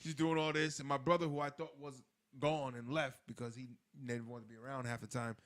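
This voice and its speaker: Bright-voiced man telling animated stories. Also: mid-range voice, fairly quick. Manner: animated storyteller, loud laughing outbursts and acted-out quotes. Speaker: podcast co-host. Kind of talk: casual chat.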